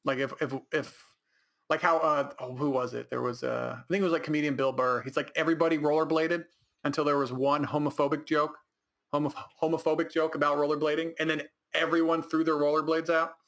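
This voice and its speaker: A man's voice: fairly high pitch, flat delivery, brisk, a bit bright. A young man from the Sacramento area co-hosting a podcast, rambling in casual chat and laughing often. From Sacramento area, California. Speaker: podcast co-host.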